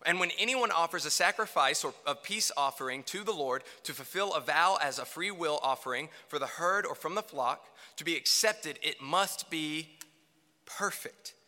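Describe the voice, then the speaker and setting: A man preaching a sermon to a congregation, emphatic, swinging between loud declarations and hushed lines. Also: on the high side, normal speed. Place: church hall. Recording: reverberant hall.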